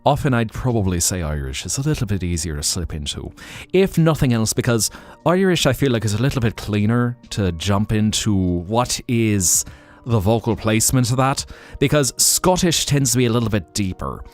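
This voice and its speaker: A deep-voiced man hosts a casual late-night livestream, chatting playfully about accents and greeting viewers. His voice swoops up and down with lively pitch as he muses. Soft music runs faintly under him. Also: moderate pace. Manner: playful, slips into accent bits while musing. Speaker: livestream host.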